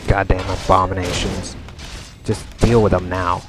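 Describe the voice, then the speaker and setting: A man's voice: sits low, flat delivery, normal speed. A man commentating his own strategy game as he plays, swearing and panicking as his base comes under attack. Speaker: gamer. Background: game music and battle sounds.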